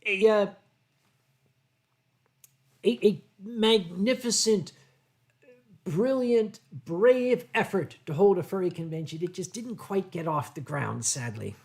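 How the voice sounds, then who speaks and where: An older American man hosting a livestream, answering viewer chat in a rambling way with deadpan humor. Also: high-pitched, slow, pauses often. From United States. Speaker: livestream host.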